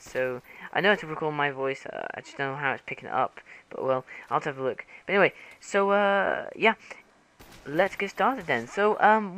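A man's voice: medium pitch, sharp tone. A man gives casual, rambling game commentary into a gaming headset, full of fillers and restarts, with a cough.

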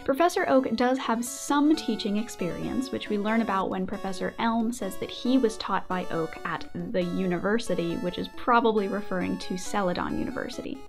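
A woman's voice: mid-range voice, normal speed, gravelly, hardly any pauses, soft background music. A woman hosting her own video, a writing teacher giving scripted, casual commentary with playful joking asides. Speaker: video essayist and host.

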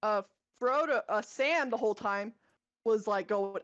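A woman's voice: medium pitch, expressive, brisk, a bit bright, no room sound, muffled recording. Woman retelling a fantasy plot, rambling. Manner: rambling, many fillers and self-corrections. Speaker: podcast co-host. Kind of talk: casual chat, retelling a book plot.

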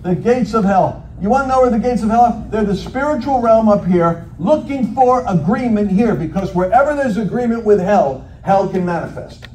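A man giving an animated, jokey sermon as a guest preacher, acting out quoted voices. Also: sits high, moderate pace, hardly any pauses. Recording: echoey hall from far off, faint noise.

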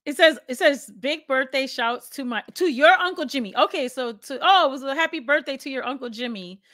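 A woman co-hosting a casual conversation, chatty and quick to laugh, filling her sentences with "like.". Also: high voice, a bit bright, dry recording, studio quality. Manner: chatty and laughs often, heavy use of "like".

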